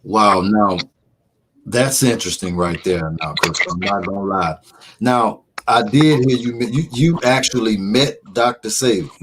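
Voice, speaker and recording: A man's voice: on the low side, unhurried. Laid-back male radio host, noisy recording. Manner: laid-back, frequent backchannels. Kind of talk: casual radio interview.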